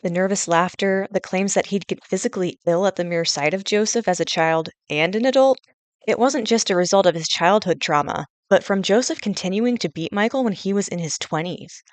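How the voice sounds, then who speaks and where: A woman's voice: mid-range voice, a little fast, no room sound. Young woman reading an earnest review. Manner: earnest, detailed, enthusiastic. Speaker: fan reviewer. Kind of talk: scripted voice-over review. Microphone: gaming headset.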